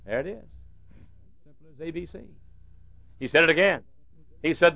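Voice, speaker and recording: A man's voice: sits high, very animated, normal speed, long pauses, fairly bright tone, husky, no room sound. An older man preaching a sermon with humorous storytelling and rhythmic repetition, in a muffled lo-fi recording.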